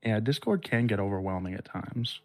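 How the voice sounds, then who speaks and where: A male host reads a listener's spooky tale in a measured, deliberate way. His voice sits fairly low, and soft music plays in the background. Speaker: podcast host. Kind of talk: reading a listener's horror story aloud, then casual chat.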